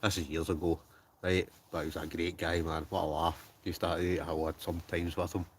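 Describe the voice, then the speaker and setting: Brief: very low-voiced Scottish man, jokey live-stream chat, slight background noise. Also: level tone, fairly quick. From Scotland. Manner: chatty, joking, trails off into mumbles. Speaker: wild camping livestreamer reading chat. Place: in a tent with a stove, outdoors at night.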